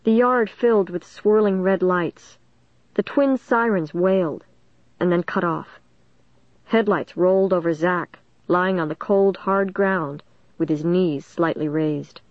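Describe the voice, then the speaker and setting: A woman narrating a first-person suspense story in a steady, dramatic storytelling manner. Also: on the low side, measured pace, no room sound, muffled recording. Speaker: audiobook narrator.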